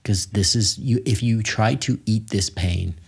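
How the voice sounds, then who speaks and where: A middle-aged man with a fairly low voice, hosting a conversational podcast interview. He tells personal stories openly and slips in self-deprecating humor. His pace is unhurried. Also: creaky, husky. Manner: candid storyteller, self-deprecating jokes. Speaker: podcast host.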